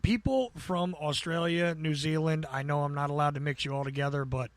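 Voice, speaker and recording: An American man with a gravelly, buzzing voice, chatting casually as a podcast guest and rambling with stammered restarts. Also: a little high, steady tone, a little fast, dry recording. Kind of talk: casual chat.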